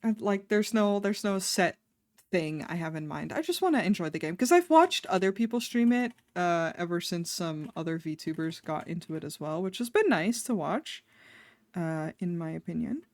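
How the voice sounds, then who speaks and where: A woman's voice: lowish voice, expressive, normal speed, darkish tone, no echo. Woman, casual streamer chat, rambling, swears offhand, dry room.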